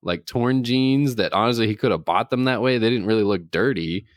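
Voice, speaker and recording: A man's voice: fairly low pitch, fairly quick, no echo, clean studio sound. A man co-hosting a casual chat, telling an anecdote and laughing often. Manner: storytelling, laughs often, acts out voices in anecdotes. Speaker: podcast co-host.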